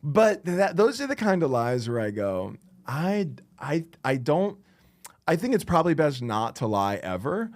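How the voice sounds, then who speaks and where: A man's voice: on the high side, sing-song. Rambling man in his thirties, comic chat. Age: 30s. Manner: rambling, full of restarts and quick laughs. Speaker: comedian podcast co-host. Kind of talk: casual chat, comic storytelling.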